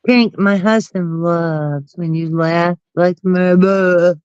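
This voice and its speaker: A woman's voice: fairly low pitch, very slow, a little mellow, smooth, dry recording. A woman with a stuffy cold, calling in on a phone for a casual chat and laughing often. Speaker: guest caller. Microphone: phone call. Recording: dull muffled phone audio.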